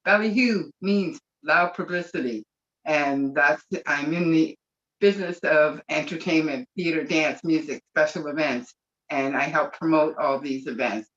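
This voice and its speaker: A person from Canada speaking on a webinar, gushing and excited, close to tears. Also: mid-range voice, measured pace. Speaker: webinar participant. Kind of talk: emotional casual speech. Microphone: video call. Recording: muffled video call audio.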